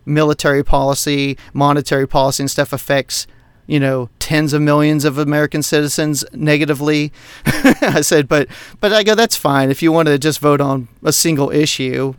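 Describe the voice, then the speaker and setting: Man from Texas, podcast co-host, casual chat, animated and profane, slightly high voice, dry sound. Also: smooth, no echo. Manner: animated storytelling with profanity and laughter. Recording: dry close mic, online call.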